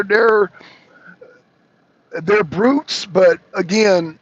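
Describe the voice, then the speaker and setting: High-pitched guy in his truck cab, gravelly voice, cussing and rambling, kinda muffled. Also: fairly bright tone. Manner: profane, rambling, self-interrupting. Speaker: truck driver calling in to a talk show. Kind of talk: casual chat.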